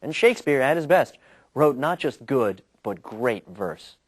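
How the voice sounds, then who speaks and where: A man's voice: mid-range voice, very animated, unhurried, noisy background. A man giving a conversational, scripted educational narration. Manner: conversational, explanatory.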